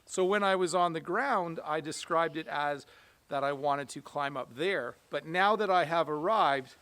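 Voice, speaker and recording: A man teaching an English lesson outdoors, speaking slowly and clearly with simple examples, a little out of breath. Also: a little high, a bit bright, no echo. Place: outdoors in the rain. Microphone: camera on a stand.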